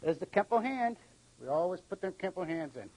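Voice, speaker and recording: A man's voice: high voice, very animated, a little fast, a little mellow, a little hiss or hum, low-quality recording. A middle-aged man from New England, a martial arts instructor who gives short commands and counts out the moves during a live demonstration.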